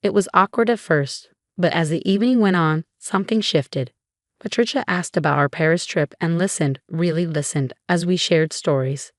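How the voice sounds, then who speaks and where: Woman, first-person story narration, steady, lowish pitch, dry. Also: moderate pace, no echo.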